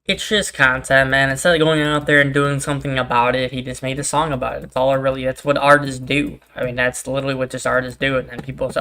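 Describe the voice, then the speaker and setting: Young male gaming streamer, casual rambling banter, bright voice, little pitch movement. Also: fairly even intonation, quick pace, few pauses. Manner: laid-back, rambling, swears freely, laughs things off. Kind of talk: casual chat while gaming.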